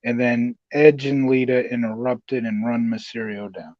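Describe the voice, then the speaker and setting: A man's voice: mid-range voice, fairly even intonation, measured pace, darkish tone, no room sound. Man recapping on a dull, dry mic. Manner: recaps events, steers the talk. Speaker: podcast host. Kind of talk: casual wrestling podcast chat.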